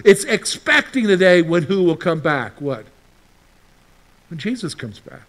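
A man's voice: sits high, sing-song, measured pace, fairly bright tone. A male pastor preaching a conversational sermon, firing questions at the congregation and acting out their replies. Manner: conversational, asks the congregation questions and answers them; plays out imagined listeners' replies.

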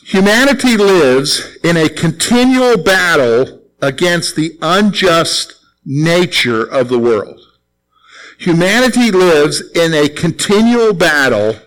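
A middle-aged man preaches a sermon to his congregation. His voice sits a little high for a man. He keeps it conversational, repeats phrases and acts out little quotes. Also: fairly bright tone, poor audio. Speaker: pastor.

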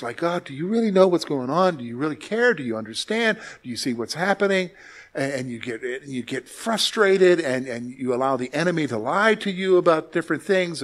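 A man delivers a sermon as pastor with a high-pitched voice. He preaches emphatically, swinging between loud, rising exclamations and quiet, dropped asides.

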